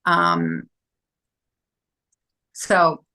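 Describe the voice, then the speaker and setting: A woman guest in a discussion who speaks hesitantly with many pauses and "um"s. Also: sits low, very animated, sharp tone. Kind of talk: casual discussion.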